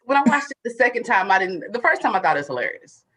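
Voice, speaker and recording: A woman guest chats easily on a talk show in a mid-pitched voice. She laughs often while telling stories and drops into a flat, deadpan voice for quoted lines. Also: quick pace, breathy edge, rough recording. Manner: laughing, chatty storyteller, acts out quoted lines flatly. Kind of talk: casual chat.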